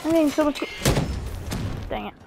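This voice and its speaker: A woman's voice: sits high, moderate pace, gravelly, very noisy. A woman chatting over her gameplay, apologizing a lot and swearing at the game, her voice now and then cracking. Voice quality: voice keeps cracking. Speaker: gamer. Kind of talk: live gameplay commentary.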